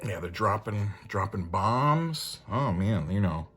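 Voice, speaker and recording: A man rambles through a comic-book review in a casual, chuckling way, full of ums and restarts. His pitch jumps around with animated enthusiasm. Faint music plays behind him. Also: slow, breathy edge. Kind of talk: casual commentary.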